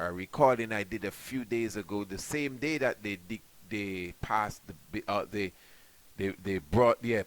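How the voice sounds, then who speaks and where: A man's voice: low voice, a bit bright, poor audio. A man, a priest giving a spiritual radio talk, emphatic and preaching, often tossing in rhetorical questions and "you know".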